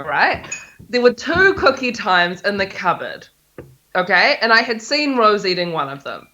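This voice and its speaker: A woman's voice: medium pitch, sharp tone, dull audio. A woman co-hosting a podcast in casual chat, earnestly explaining things at length in run-on stories. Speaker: podcast co-host.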